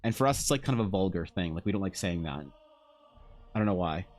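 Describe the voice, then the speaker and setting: A man's voice: low-pitched, animated, quick pace, darkish tone. A Canadian man chatting casually on a live stream, rambling and sardonic, with the odd swear. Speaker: streamer and artist.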